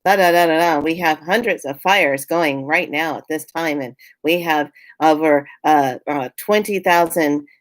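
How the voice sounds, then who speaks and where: A woman mimicking a halting, monotone male politician reading out numbers at a briefing. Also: sits low, no echo. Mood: stilted.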